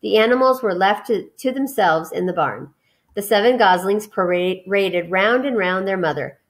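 A woman reads a children's novel aloud, giving the narration an expressive storyteller's lilt. She trips over a word now and then and simply restarts. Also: medium pitch, normal speed. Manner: expressive, with small slips and restarts. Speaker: reader.

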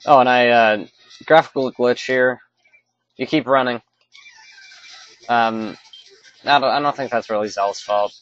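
A man's voice: mid-range voice, a little slow, pauses often, fairly bright tone, no room sound, muffled recording. A man giving casual, rambling commentary over his own gameplay, often stopping to correct himself. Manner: rambling, self-correcting, offhand. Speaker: let's play commentator.

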